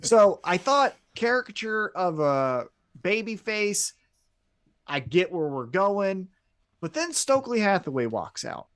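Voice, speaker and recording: Lively man recapping a wrestling show. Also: sits high, a little slow. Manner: recaps events, acts out quotes in a lively way. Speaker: podcast co-host. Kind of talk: casual wrestling podcast recap.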